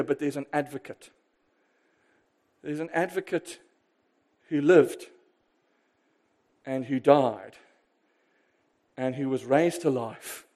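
Preaching with energy and emphasis, this man poses rhetorical questions and shifts between booming moments and hushed asides. His pitch sits fairly high.

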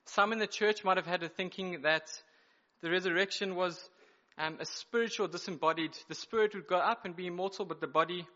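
A male preacher with a bright, forceful voice pitched a little above the usual, delivering a sermon in an emphatic, explanatory way. He unpacks each point with measured pauses. The recording is somewhat dull and lo-fi. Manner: explanatory, emphatic teaching with pauses and self-corrections.

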